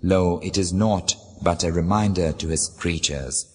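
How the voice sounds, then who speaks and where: Low husky guy reading scripture slow and solemn, long reverb tail. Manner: slow, measured, formal delivery. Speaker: scripture reader.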